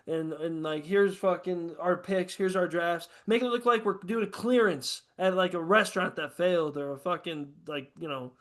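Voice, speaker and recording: A man's voice: sits high, steady tone, moderate pace, few pauses, a bit bright. A man hosting a podcast, joking around in loose, profane banter and laughing often. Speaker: host.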